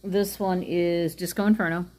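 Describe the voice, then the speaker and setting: Casting note: low-pitched woman, relaxed rambling nail-polish review, soft hiss behind her. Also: normal speed. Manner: chatty, rambling, frequent ums. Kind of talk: casual product review.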